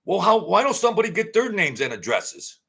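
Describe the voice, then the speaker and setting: A man's voice: sits high, big pitch swings, a little fast, gravelly, pushed and bright, breathy edge. A man delivering a blunt, heated, repetitive ranting monologue as an online commentator.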